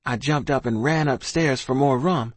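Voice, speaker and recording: A man reads a first-person story aloud in an earnest, steady manner. His voice sits at a middle pitch, and the recording is dry and close. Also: moderate pace, no room sound. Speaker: audiobook narrator.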